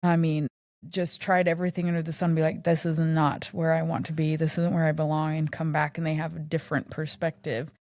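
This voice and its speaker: A woman co-hosting a casual church conversation, chatty and quick to laugh. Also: low voice, flat delivery, darkish tone, no room sound, studio quality. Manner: chatty, laughs often, rambling. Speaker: co-host. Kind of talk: casual conversational Bible discussion.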